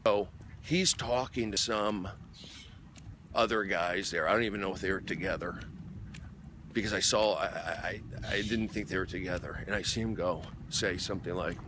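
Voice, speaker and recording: Over background noise, a low-voiced comedian tells a story on a casual phone livestream. He rambles, repeats himself and restarts phrases, growing worked up and loud.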